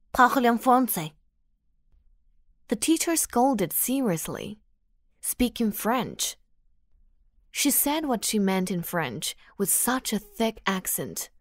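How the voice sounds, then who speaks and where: A woman narrating an audiobook romance in a measured storytelling manner. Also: medium pitch, no echo, clean studio sound. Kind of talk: scripted narration.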